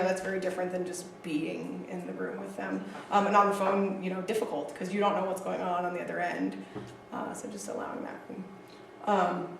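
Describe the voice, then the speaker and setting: A woman teaching counseling skills to a group, chatty and animated with frequent fillers and asides. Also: fairly low pitch, creaky, slight background noise. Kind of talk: casual training lecture. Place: training room with a group. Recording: echoey room, distant mic.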